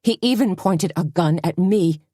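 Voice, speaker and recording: A woman voicing a fierce female café owner on horseback, shouting in fury in an audiobook. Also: fairly low pitch, moderate pace, no room sound, studio quality, close to an everyday voice. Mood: furious. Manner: shouting, furious. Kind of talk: audiobook character voice.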